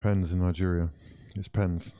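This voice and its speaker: Low, mellow-voiced excitable young man. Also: a little slow, smooth. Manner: excitable, exclaiming, chatting to viewers. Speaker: watch-along streamer. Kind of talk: live football watch-along commentary.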